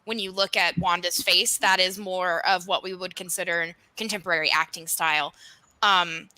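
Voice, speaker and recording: A woman's voice: lowish voice, steady tone, moderate pace, bright, forceful tone, no echo, rough recording. A woman in a casual fan discussion who speaks in an analytical, articulate way. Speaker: podcast panelist.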